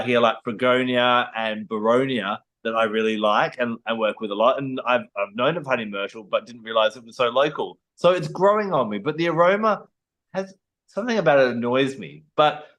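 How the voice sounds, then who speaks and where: A man's voice: medium pitch, fairly bright tone. A man with an Australian accent, co-hosting a casual chat and explaining things thoughtfully with many fillers. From Western Australia. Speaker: podcast co-host.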